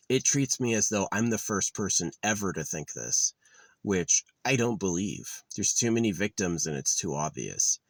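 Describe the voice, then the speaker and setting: Deep-voiced man ranting angrily. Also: creaky, no echo. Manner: profane, sarcastic, contemptuous. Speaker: vlogger. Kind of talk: angry ranting monologue.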